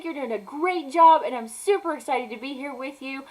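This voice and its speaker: A woman's voice: sits high, moderate pace, a little mellow, rough recording. A woman speaking effusively in a recorded video greeting, playful and encouraging. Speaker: birthday video message sender.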